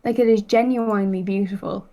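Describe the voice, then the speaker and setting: A woman's voice: mid-range voice, steady tone, fairly quick, mellow, low-quality recording. Young Irish woman, podcast host, rambling casual chat, loose and filler-heavy. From Ireland. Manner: chatty, rambling, many fillers.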